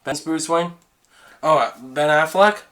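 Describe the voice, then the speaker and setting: Playful young guy chatting on youtube, slow and bright, lots of pitch swings. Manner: playful, giggly, jumps into voices. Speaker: YouTube host. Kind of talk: casual chat with impressions.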